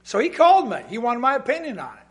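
This preacher talks fast in a very high-pitched voice, giving an animated, emphatic sermon in a church sanctuary. Funny asides to the congregation erupt into loud outbursts.

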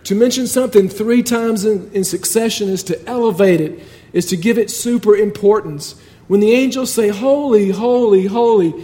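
Guy giving a sermon, kinda high voice, mellow, chatty but punches his points hard. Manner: conversational, emphatic, builds with repetition. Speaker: preacher.

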